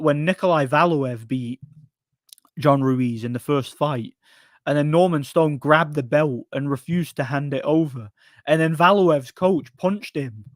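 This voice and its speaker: A man's voice: medium pitch, no room sound, clean studio sound. A man hosting a casual live stream, rambling through chat comments, repeating himself and laughing at his own stories. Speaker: livestream host reading chat.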